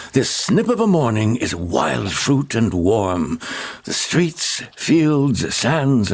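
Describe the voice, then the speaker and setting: An older man narrating a radio drama in a lilting, playful and richly expressive way. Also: mid-range voice, creaky, husky.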